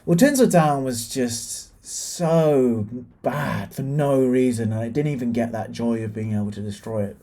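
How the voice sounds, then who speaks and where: A man's voice: medium pitch, a little slow, mellow. A young British man from the UK ranting casually about bad films as a reviewer, exasperated and full of fillers and restarts. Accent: British English. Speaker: film reviewer. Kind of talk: casual opinionated film review.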